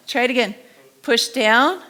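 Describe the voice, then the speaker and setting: Lively woman teaching a body language class. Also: on the high side, measured pace. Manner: animated, acts out quotes and gestures. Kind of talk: live class lecture. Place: classroom with a live audience.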